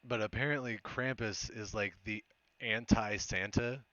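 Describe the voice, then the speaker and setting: Chill young guy streaming, lowish voice, kinda dull lo-fi audio, jokey and swears a lot. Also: fairly even intonation, a little slow, bright, forceful tone, no room sound. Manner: laid-back, joking, swears, frequent laughs. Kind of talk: casual live gameplay commentary.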